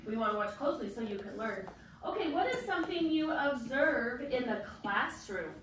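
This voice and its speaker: A woman kindergarten teacher giving a vocabulary lesson, asking slow, patient questions and prompting children to repeat words. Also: on the high side, lively intonation, a bit bright. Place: classroom. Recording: very echoey classroom from a distance, faint noise.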